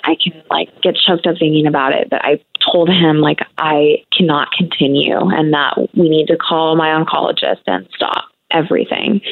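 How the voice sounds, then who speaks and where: A woman in her thirties, a guest on a talk show, speaking candidly in a conversational way with many fillers. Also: fairly low pitch. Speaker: guest sharing her cancer story. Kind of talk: emotional interview conversation. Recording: tinny phone-like radio audio.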